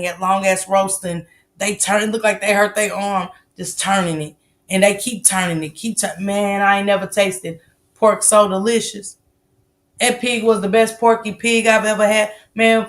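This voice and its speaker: A woman hosts a live stream, chatting loosely with her viewers. She talks in a relaxed, easygoing way, swears freely and laughs often. Her voice sits at a middle pitch. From American South. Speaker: livestream host. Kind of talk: casual live-stream chat reading comments.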